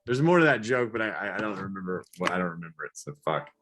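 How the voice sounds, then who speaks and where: A man doing a rambling, self-deprecating stand-up comedy set, now and then yelling high whoops. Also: very animated, fast talker, a little hiss or hum. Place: comedy show, live virtual audience.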